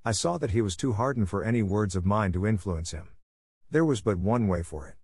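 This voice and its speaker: A man reading a classic detective story aloud in the first person, with a measured, dramatic delivery and emphatic outbursts. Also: lowish voice, expressive, a little mellow, breathy edge, dry recording. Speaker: audiobook narrator. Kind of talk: scripted first-person narration.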